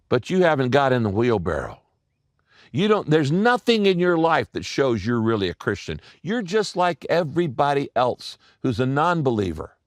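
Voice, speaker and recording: An older man, a pastor preaching a sermon, telling stories and repeating key lines slowly for emphasis. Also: on the high side, no room sound, studio quality.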